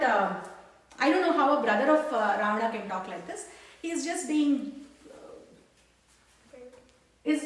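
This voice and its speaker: A woman casually retelling an epic to a child, halting, with many fillers and restarts. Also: fairly high pitch. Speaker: storyteller. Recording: echoey room, mic far off.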